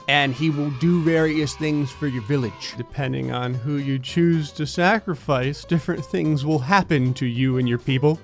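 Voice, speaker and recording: A man voicing a sarcastic gaming playthrough, full of jokes and quick laughs. His voice sits slightly high. Faint game music plays behind him. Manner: sarcastic, joking, frequent laughs. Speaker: gaming YouTuber. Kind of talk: let's play commentary.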